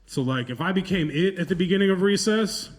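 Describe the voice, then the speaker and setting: A man's voice: sits high, fairly quick. Laughing, self-mocking male comic. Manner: loose, profane, self-mocking, laughs through lines. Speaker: stand-up comedian. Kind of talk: stand-up comedy set.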